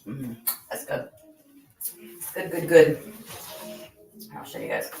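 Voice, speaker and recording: A woman with a rumbling low, gravelly voice hosts a casual cooking livestream from her home kitchen. Dogs bark as she talks with them and her viewers, and she still has a slight cough.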